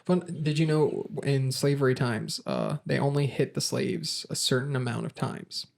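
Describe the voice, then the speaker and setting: A man's voice: medium pitch, normal speed, creaky, a little mellow, slight background noise. A man hosting a casual podcast quiz, reading idiom origins aloud with stumbles and laughs. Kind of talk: casual group podcast chat.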